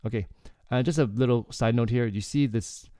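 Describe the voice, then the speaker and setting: A man teaching Korean through song lyrics in a relaxed, explanatory way, often checking in with "okay" and filling with "like". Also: mid-range voice, moderate pace, clear, resonant tone, no echo, clean studio sound. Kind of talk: casual lyrics breakdown lesson.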